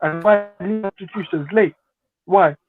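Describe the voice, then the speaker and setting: A man calls into a fan livestream sounding exasperated and blunt, firing off pointed questions. His voice sits high, and it comes through dry, with no room around it, and thin like a phone line. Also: moderate pace, no echo, faint music behind. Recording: tinny dry call audio.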